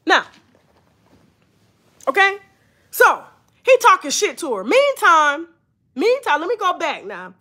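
A woman, hosting a blunt, profane, animated storytime commentary. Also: extremely high pitch, slow pace, pauses often. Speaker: commentary channel host.

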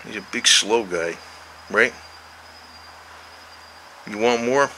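Old guy in his 60s, lowish voice, rambles and swears, sweet-talks his cat outside. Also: slow pace, pushed and bright, slight background noise, rough recording. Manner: meandering, profane, coaxing talk to the cat. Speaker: vlogger, cat owner. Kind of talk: rambling casual chat to his cats.

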